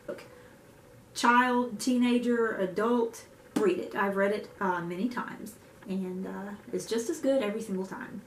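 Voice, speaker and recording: A woman's voice: mid-range voice, a little slow. A young woman vlogger chatting casually to camera about books she loves, with self-mocking asides. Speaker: book vlogger. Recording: echoey room with faint hiss.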